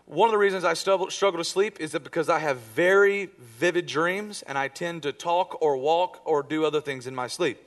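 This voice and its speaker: A man in his thirties, a pastor preaching a sermon, telling personal stories and acting out quoted lines with sudden swings between loud and hushed. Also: on the high side, normal speed, hardly any pauses. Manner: storytelling with acted-out quotes, dramatic swings in volume.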